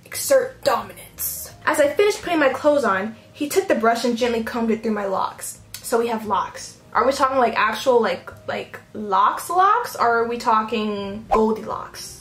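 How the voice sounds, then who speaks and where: A woman's voice: fairly high pitch, expressive, moderate pace, few pauses, a bit bright. A young woman reading fan fiction aloud on her video channel, breaking off for giggly, mock-outraged comments. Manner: giggly, mock-outraged asides between read passages. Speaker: YouTuber. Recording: roomy echo, faint background noise.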